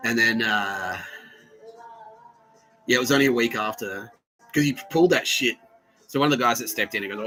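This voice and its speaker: A man's voice: mid-range voice, normal speed, pauses often, bright, forceful tone, soft background music, rough recording. A man hosting a podcast, telling a rambling, profane story with lots of laughter. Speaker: podcast host. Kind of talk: casual storytelling.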